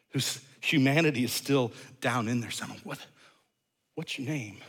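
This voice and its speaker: A man preaching a sermon in an earnest way, rising to loud emphasis and dropping to hushed low phrases, often repeating words as he thinks aloud. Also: breathy edge. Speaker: pastor.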